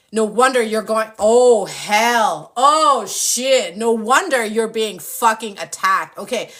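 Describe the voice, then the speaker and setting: A woman's voice: mid-range voice, a bit bright. A young adult woman hosting a spiritual live stream with tarot readings, talking passionately and casually, swearing often and acting out playful impressions.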